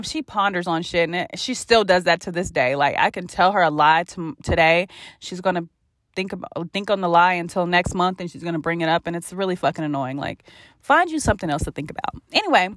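A woman in her twenties hosting a podcast, telling a candid personal story in a blunt, profane, animated way. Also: on the low side, no echo, clean studio sound. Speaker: podcast host.

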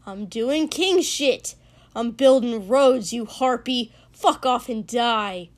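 A woman voicing a hot-tempered young male king in a storybook reading, shouting and cursing. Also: very high voice, slow. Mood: furious.

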